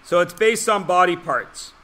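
A man's voice: high voice, normal speed, bright, forceful tone. A male teacher giving a joking, self-deprecating classroom lecture to his students.

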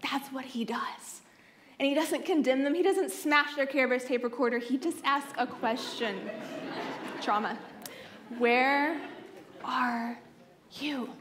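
A young adult woman giving a sermon at a youth conference. She tells the story expressively with playful asides and often drops into soft, hushed tones. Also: sits high, normal speed, slight background noise. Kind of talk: sermon, Bible teaching. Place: conference stage.

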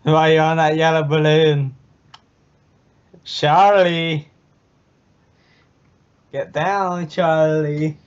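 A woman's voice: deep voice, level tone, very slow, pauses often, darkish tone, highs cut off. A woman gamer in casual chat, teasing and giggling as she keeps cooing a pet name.

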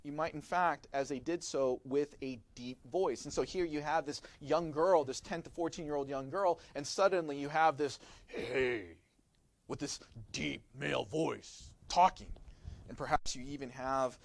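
A man's voice: fairly high pitch, normal speed, few pauses. A man preaching a sermon as pastor, explaining in a teaching manner and often turning to the listeners with rhetorical questions.

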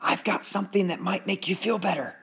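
A man's voice: high-pitched, fairly even intonation, brisk, vocal fry, a bit bright, husky, pitched above the performer's own voice, exaggerated voice. A man voicing a kind, friendly male dentist who talks in a coaxing, salesman-like way.

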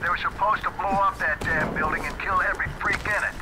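A man's voice: high-pitched, fairly even intonation, fast, bright, forceful tone, slight background noise. An actor playing a male game character who briefs the hero with terse, urgent orders over the radio.

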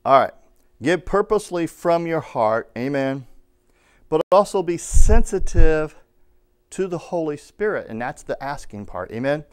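A man preaching a sermon, telling a personal story and rising to loud calls of amen. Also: on the high side, big pitch swings, unhurried, clear, resonant tone. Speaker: pastor.

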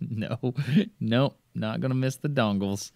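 A man, an excitable podcast host eagerly explaining things in casual chat. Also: medium pitch, slow, gravelly, no echo.

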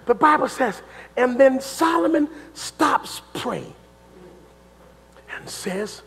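A man preaching a fiery sermon in a church, chanting and shouting at the peaks and dropping low in between. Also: big pitch swings, unhurried, gravelly, long pauses, breathy edge, in a large hall. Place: church sanctuary.

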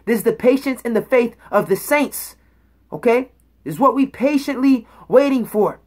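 A woman teaches the Bible in an emphatic preaching style, her voice a little high and darkish, with lively intonation at normal speed. She reads verses aloud, explains words, and checks in after each point with "okay?" and "all right?"

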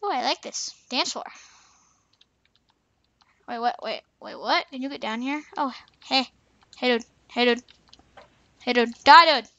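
A woman's voice: a little high, measured pace, pauses often, a bit bright, no room sound, muffled recording. A young woman casually commenting on her gameplay, playful and chatty, repeating teasing taunts. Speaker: gaming channel host.

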